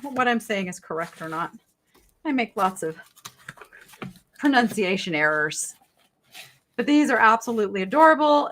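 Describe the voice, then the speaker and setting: Middle-aged female live-sale host, bubbly and chatty, very animated pitch. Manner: chatty, bubbly, reads viewer chat aloud. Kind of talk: live-stream sales chat.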